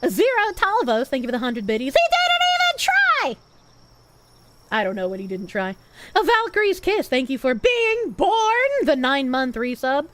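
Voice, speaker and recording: High, lively young woman streamer. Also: normal speed, noisy background. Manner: swinging from loud high squeals to low mutters. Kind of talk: casual live-stream chat reading donations.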